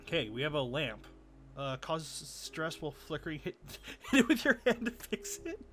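An excitable young man talks his way through a game, swearing and laughing as he goes. His voice sits a little high and swings widely in pitch. Game music plays clearly behind him. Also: normal speed. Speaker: gaming video host. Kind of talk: let's play commentary.

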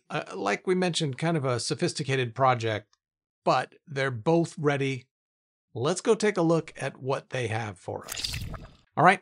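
A man's voice: fairly high pitch, vocal fry. Enthusiastic man thinking aloud on screen. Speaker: tech YouTuber testing AI coding tools. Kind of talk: casual screen-recorded commentary.

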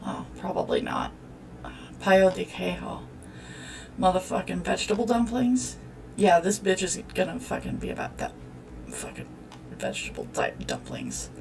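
A woman's voice: lowish voice, huge pitch swings, moderate pace, vocal fry, long pauses, recorded from a distance, slight background noise. A woman hosting a let's-play, commenting on a life-sim game in a profane, exclamatory way as she talks at the characters. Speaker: gaming channel host.

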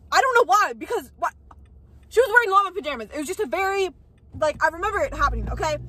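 A woman vlogger telling a rambling, excitable story while driving, with many fillers. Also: sits high, rough recording. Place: inside a moving car. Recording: loud car road noise.

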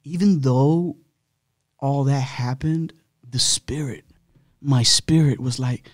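A man's voice: medium pitch, slow, pauses often, no room sound, studio quality. A man as a podcast guest, telling his own story in a candid, blunt way, full of slang and swearing.

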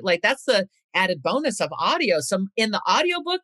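A middle-aged woman author speaks earnestly and with animation, her voice at an ordinary pitch for a woman. The sound is dry and close, with no room around it. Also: normal speed, hardly any pauses, dry recording. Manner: earnest and animated, reads with a storyteller's cadence. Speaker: author and guest. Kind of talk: conversational interview, reading a passage aloud.

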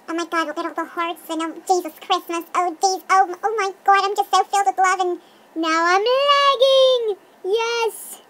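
A young woman chatters through a goofy, self-mocking vlog, her voice pushed up by a chipmunk filter to a tiny, squeaky pitch. She rambles from her bedroom into a webcam. A faint hiss sits under her voice. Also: a bit bright. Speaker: vlogger.

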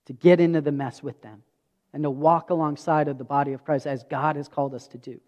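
A man's voice: on the high side, steady tone, a little fast, a little mellow. A pastor in his thirties preaching a sermon, telling stories earnestly and acting out dialogue. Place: church sanctuary. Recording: dull audio with long hall reverb.

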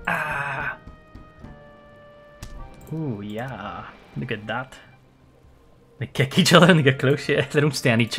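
A man streaming a game with playful, excitable commentary and frequent laughter. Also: mid-range voice. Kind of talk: live gameplay commentary.

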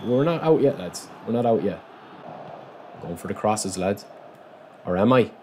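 A man with a fairly low voice commentates casually on his own football video game match, speaking a little slowly over slight background noise. He's an excitable let's-play commentator who chats to viewers in asides and yelps and shouts when goals go in.

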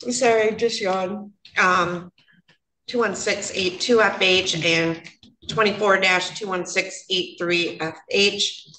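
A woman's voice: medium pitch, steady tone, slow, sharp tone. A woman judge running a court hearing, speaking plainly and casually with frequent fillers. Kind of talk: courtroom proceedings. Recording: roomy courtroom sound, faint noise.

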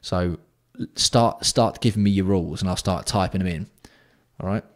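Low-voiced man, sweary livestream banter. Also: normal speed. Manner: banter-filled, sweary, reads out and answers chat; keeping his voice down. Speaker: livestream host. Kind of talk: casual livestream chat with viewers.

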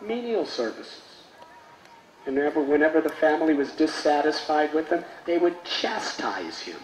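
A man, a spiritual teacher, telling a sacred story in a sermon with reverent, expressive delivery. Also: on the high side, moderate pace. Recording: roomy space with faint noise.

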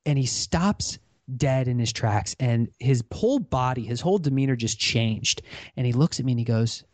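Animated male guest telling stories. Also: medium pitch, normal speed, no echo. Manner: animated storyteller. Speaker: podcast guest, fellow podcaster. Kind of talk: storytelling in an interview.

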